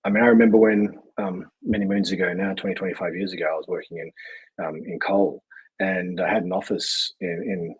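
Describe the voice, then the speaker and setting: A man's voice: low-pitched, animated, fairly quick, creaky, slightly rough, narrow, tinny audio. A man guesting on a podcast, talking reflectively and rambling with restarts. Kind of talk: casual conversation.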